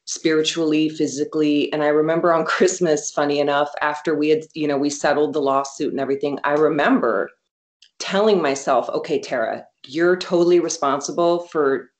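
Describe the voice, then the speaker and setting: Low-voiced woman, candid storyteller. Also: brisk. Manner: candid, animated storytelling with quoted asides. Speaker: guest. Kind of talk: casual interview talk.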